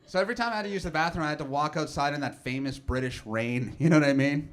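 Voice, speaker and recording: A man's voice: a little high, fast. A man, doing a rambling, self-deprecating stand-up set full of fillers and restarts. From Nova Scotia, Canada. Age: 30s. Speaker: comedian.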